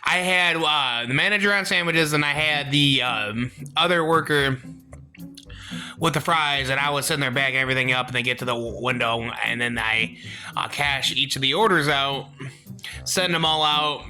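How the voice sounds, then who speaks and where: A young man telling a work story in a casual vlog, rambling and halting, acting out the quotes. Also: medium pitch, bright, forceful tone.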